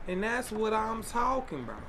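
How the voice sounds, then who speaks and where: A man's voice: high-pitched, big pitch swings, normal speed, noisy background. A man from Texas streaming a game live, joking with viewers in a put-on Southern cowboy accent. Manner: joking, playful, chatting to viewers. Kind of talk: live gameplay commentary.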